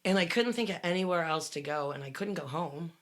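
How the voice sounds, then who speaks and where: A middle-aged woman telling a dramatic personal story on a podcast, swearing freely and rising to loud bursts. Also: lowish voice, animated, a little fast. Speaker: guest telling her story.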